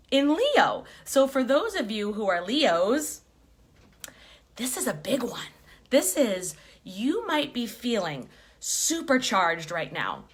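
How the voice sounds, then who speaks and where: A woman in her forties chatting casually to viewers as a spiritual life coach, animated and playful, greeting people by name and swearing freely. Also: a little high. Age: 40s. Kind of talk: casual livestream chat.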